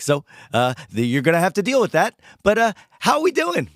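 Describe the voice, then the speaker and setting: A man hosting a podcast with a hoarse voice after losing it singing, talking in a playful, hyped-up way. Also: high voice, huge pitch swings, a little fast, few pauses, no echo, clean studio sound. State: hoarse, lost his voice. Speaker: podcast host. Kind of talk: casual podcast chat and ad reads.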